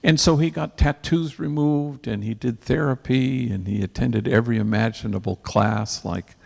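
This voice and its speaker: A priest tells an earnest story at an event, his man's voice deeply gravelly and full of fry. He sprinkles Spanish slang through his telling, and a long hall reverb trails behind every phrase. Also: normal speed, darkish tone.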